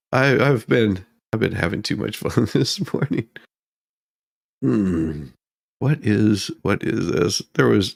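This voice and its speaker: A man's voice: lowish voice, gravelly, breathy edge. A man hosting a comedic news show, reading headlines and repeatedly breaking into laughter. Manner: giggly, keeps breaking into laughter while reading. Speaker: host.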